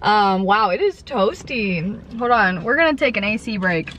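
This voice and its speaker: A woman vlogger chatting from her car, retelling a frustrating customer service story in an exasperated, animated way with quoted dialogue. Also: mid-range voice, normal speed, noisy background. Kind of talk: casual storytime chat. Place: parked car. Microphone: camera mounted in car.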